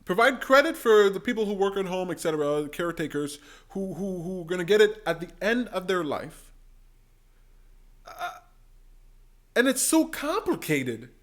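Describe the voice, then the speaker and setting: A man giving an excitable reaction commentary on a debate clip, mimicking voices, laughing and exclaiming. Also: high voice, moderate pace. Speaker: political commentator.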